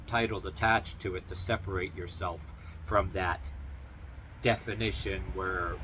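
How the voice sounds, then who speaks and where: A man vlogging his opinions in a loose, wandering monologue, stopping and restarting, swearing casually and chuckling at his own stories. His voice sits on the low side but has a bright, forceful edge. A faint wash of background noise runs under the recording. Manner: meandering, profane, chuckling.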